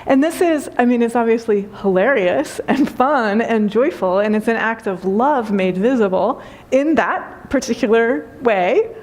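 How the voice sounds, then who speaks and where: A woman's voice: fairly high pitch, expressive, a little slow, darkish tone. A woman giving a spiritual talk as teacher, telling a funny story and laughing often.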